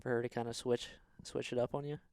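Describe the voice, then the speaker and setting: A man's voice: mid-range voice, flat delivery, quick pace, creaky, a little mellow, clean tone, no echo, studio quality. A man co-hosting a podcast, asking curious follow-up questions in casual conversation. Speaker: podcast co-host.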